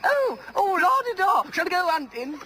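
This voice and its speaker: A cocky young hustler whose brash, slangy voice sits very high and swoops around all over the place. He boasts and shows off, playing up fake posh voices with bright, sharp energy. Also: big pitch swings, normal speed, a little hiss or hum, full character voice, poor audio. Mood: showing off. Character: cocky young male wheeler-dealer, boastfully trying out posh accents.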